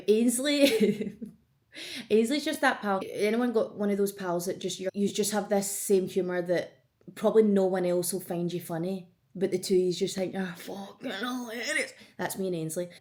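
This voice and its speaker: A woman's voice: medium pitch, steady tone, brisk, a little mellow. A Scottish woman in her twenties, chatting casually and emotionally as a vlogger, swearing freely. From Scotland. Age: 20s. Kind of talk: casual get-to-know-me chat.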